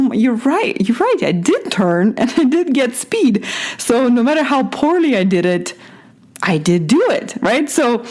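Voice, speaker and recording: A woman's voice: a little high, darkish tone. A woman in her thirties from Russia, hosting a solo podcast and telling a personal story in a chatty, self-correcting way. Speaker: podcast host.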